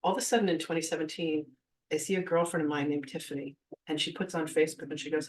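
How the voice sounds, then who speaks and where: Woman, 50s, spiritual teacher giving a class, animated storyteller who voices her quotes, recorded from a distance. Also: low-pitched, quick pace. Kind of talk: live masterclass storytelling.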